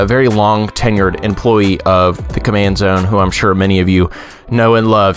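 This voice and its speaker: A man hosting a casual podcast, chatty and animated, with plenty of filler words. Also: medium pitch. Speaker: podcast host.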